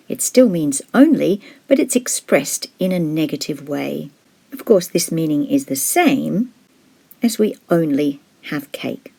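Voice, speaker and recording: Low, gravelly woman teaching a lesson. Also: mellow. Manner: measured, explanatory, slows down to model example words. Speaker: language teacher. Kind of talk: scripted lesson narration.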